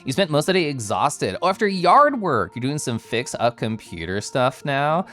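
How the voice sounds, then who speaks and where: A man's voice: mid-range voice, sing-song, moderate pace, bright, forceful tone, faint music behind. A man streaming live, chatting casually and greeting viewers by name in a bubbly, giggly way. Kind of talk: casual chat reading viewer messages.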